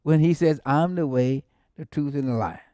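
A man's voice: fairly high pitch, normal speed, warm tone, clean tone, no room sound, studio quality. A man preaching a sermon as pastor, exclaiming often, repeating words and building to emphatic peaks with bursts of laughter. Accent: American. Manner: laughs between phrases.

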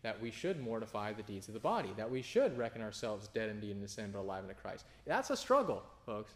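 A man, a pastor, giving an informal sermon, often restarting phrases and jumping into sudden emphatic high bursts. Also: very animated, a little fast, few pauses. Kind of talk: conversational sermon.

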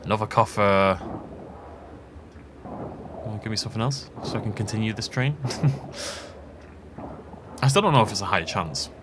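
A man's voice: lowish voice, normal speed, pauses often, noisy background. A man giving casual, jokey let's play commentary, rambling through asides and laughing often. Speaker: gaming channel host. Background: game music.

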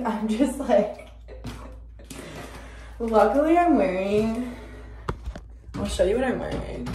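A woman in her twenties chatting casually to camera, rambling with lots of fillers, swearing freely, and breaking into sudden loud bursts. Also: medium pitch, a little hiss or hum. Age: 20s. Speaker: vlogger. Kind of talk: casual chat. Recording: roomy, distant from the mic.

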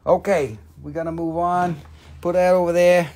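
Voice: mid-range voice, steady tone, moderate pace, a little mellow. A host selling rocks on a casual live sales show, joking and swearing as they go. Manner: joking, profane, rambling. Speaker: live-stream rock and mineral seller. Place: family rock shop.

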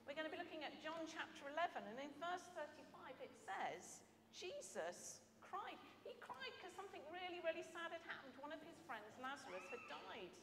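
A woman's voice: high voice, background noise. A woman leading a children's talk in a church service, asking the children questions and then praying. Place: church hall. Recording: echoey church with long reverb.

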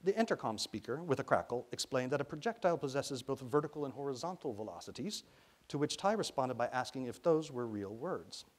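A man's voice: medium pitch, a little fast. Man from Arkansas reading a story aloud. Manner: lively storytelling narration. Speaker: author reading his novel. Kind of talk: reading a children's novel aloud.

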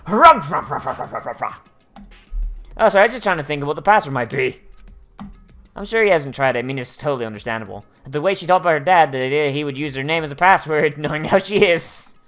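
A woman's voice: sits low, lively intonation, fast. A young woman hosting a let's play, rambling and sarcastic with heavy swearing as she reads the game's text aloud. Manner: crude, heavily profane, sarcastic, rambling. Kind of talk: gameplay commentary reading game text aloud. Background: faint game music.

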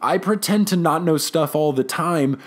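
A man's voice: a little high, moderate pace, natural voice. A man casually putting on the voice of a theatrical, fussy female seer professor, flustered and overdramatic.

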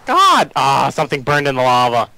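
A man's voice: medium pitch, wildly swooping pitch, moderate pace, bright, forceful tone, rough recording. A man playing a game with a friend, chatting casually and groaning and exclaiming when he dies. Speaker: Let's Play gamer. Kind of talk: casual gaming banter.

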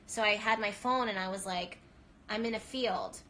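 A spiritual reader hosting a live stream gives an emotional monologue, talking earnestly through tears with her voice shaking, rambling and restarting often. Her voice is mid-range at normal speed with a sharp tone, and there is a little hiss or hum.

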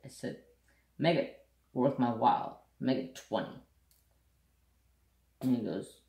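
A man's voice: mid-range voice, animated, measured pace, long pauses, a little mellow, reverberant. A man hosting a craft channel, telling a country story bluntly and saltily in casual chat. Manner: blunt, salty rural storyteller.

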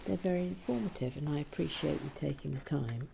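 A woman's voice: low voice, brisk, creaky, background noise. A woman hosting a building-toy vlog, chatting casually and rambling with many fillers while she builds. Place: cold room at home.

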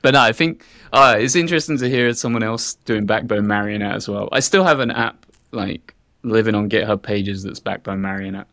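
A man's voice: lowish voice, brisk, gravelly, few pauses, a bit bright, no echo, studio quality. A man with a Southern English accent, a podcast guest rambling through casual tech chat with frequent chuckles. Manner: rambling, chuckles often, fillers like "like".

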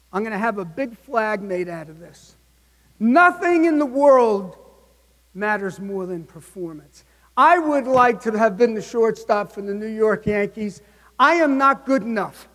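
A man in his sixties giving a motivational keynote speech, punchy and emphatic, often checking in with the audience. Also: extremely high pitch. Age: 60s. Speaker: keynote speaker. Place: large conference hall. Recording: long hall reverb.

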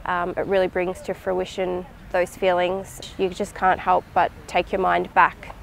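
A woman speaks in a measured, reflective way, her pitch staying very even. Faint city noise sits behind her outdoors. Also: gravelly, rough recording. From Australia. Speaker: interviewee. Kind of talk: documentary interview.

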